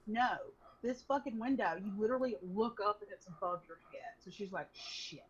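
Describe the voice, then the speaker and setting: A young woman casually telling an animated story to a friend, swearing freely. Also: medium pitch, brisk, slightly rough. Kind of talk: casual chat. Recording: dull lo-fi recording.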